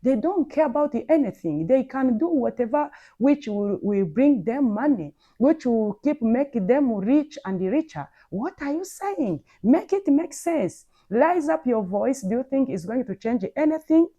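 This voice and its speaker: A woman's voice: high-pitched, sing-song, unhurried, few pauses, dark tone, lo-fi sound. Incredulous woman commentary host. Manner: incredulous, lecturing. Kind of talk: reaction commentary.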